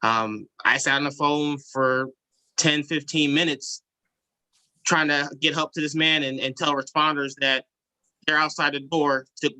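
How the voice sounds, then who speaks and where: A man's voice: fairly high pitch, fairly even intonation, unhurried, sharp tone, rough recording. A man, a 911 specialist, giving earnest, somewhat hesitant testimony at a legislative hearing. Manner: earnest, hesitant, many fillers.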